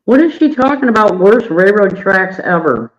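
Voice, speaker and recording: A man hosting a casual livestream, hoarse from allergies, friendly and greeting viewers by name. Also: sits high, animated, moderate pace, dull audio. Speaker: livestream host.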